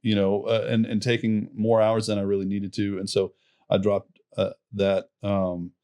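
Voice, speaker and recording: A man's voice: fairly low pitch, monotone, moderate pace, mellow, clean tone. A man, a worship pastor and podcast guest, telling a story in a rambling way with many restarts. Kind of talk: casual chat.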